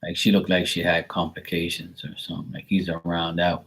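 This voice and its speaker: A man's voice: low voice, monotone, a little fast, a bit bright, breathy edge, low-quality recording. A man giving a live psychic reading in a casual, rambling way, full of fillers and the odd swear word. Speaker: psychic reader.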